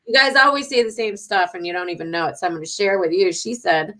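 A woman's voice: medium pitch, a little fast, hardly any pauses, fairly bright tone. A woman co-hosting a podcast, chatting casually and animatedly retelling a story. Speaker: podcast co-host.

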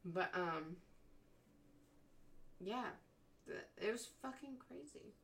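A young woman co-hosting a casual chat, animated, laughing often and swearing constantly. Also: medium pitch, slow pace, gravelly. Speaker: podcast co-host.

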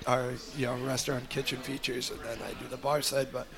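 A man's voice: medium pitch, level tone, brisk, gravelly. A man co-hosting a casual chat, friendly and rambling with many restarts. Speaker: podcast co-host.

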